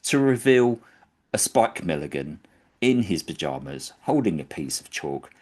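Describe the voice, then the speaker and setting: A man telling an anecdote in a casual chat, animated and acting out the characters' lines. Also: sits low, measured pace. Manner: animated, acts out quoted characters. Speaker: podcast storyteller.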